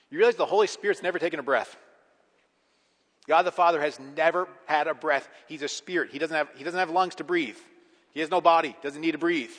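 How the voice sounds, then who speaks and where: A male pastor preaching a sermon, swinging from hushed reflection to emphatic, rising delivery. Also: a little high. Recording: long hall reverb.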